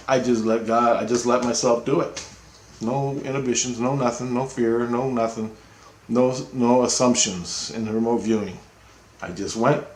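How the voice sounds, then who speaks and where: Man, mid-pitch, loose profane storyteller; roomy echo on the recording. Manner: rambling, profane, excitable retelling with acted quotes. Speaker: storyteller recounting a personal experience. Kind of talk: casual spoken story.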